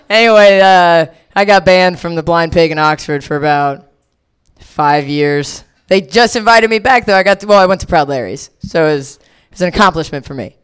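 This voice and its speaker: A young stand-up comic from Delaware rambles through crude, self-deprecating stories full of swearing. Her voice is lowish with lively intonation and a clear, resonant tone, delivered at normal speed.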